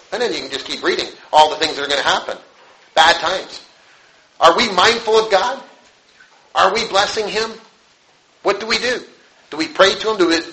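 Bright-voiced man preaching a casual sermon. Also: sits high, poor audio. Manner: conversational, acts out quotes with animated voices.

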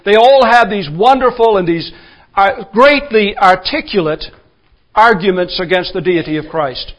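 A man preaching a sermon, building to forceful, emphatic declarations. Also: high voice, moderate pace.

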